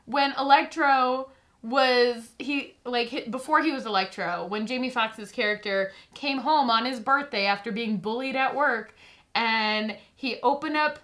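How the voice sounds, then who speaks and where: A young woman co-hosting a casual film review, lively and quick to laugh. Her voice sits a touch high and rings bright and forceful. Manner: bubbly and animated, laughs often. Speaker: co-host of a movie review show. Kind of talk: casual movie review chat.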